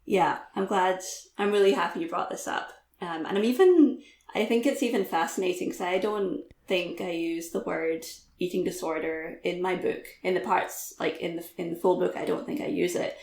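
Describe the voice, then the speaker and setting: A woman's voice: fairly low pitch, moderate pace, vocal fry, darkish tone, roomy sound. A woman guest author talking candidly in a podcast interview, laughing easily, with lots of "like" and "um".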